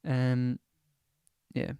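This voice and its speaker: A man's voice: mid-range voice, monotone, extremely slow, dark tone, clear, resonant tone, no echo, clean studio sound. A young man hosting a podcast, rambling casually and swearing constantly as he chats. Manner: swears constantly, chatty and digressive. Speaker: podcast host.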